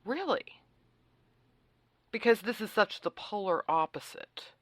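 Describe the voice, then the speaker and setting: A woman's voice: a bass voice, a little slow, fairly bright tone, no echo. A woman hosting a talk radio show, speaking in a sarcastic, facetious and opinionated way in a conversational monologue.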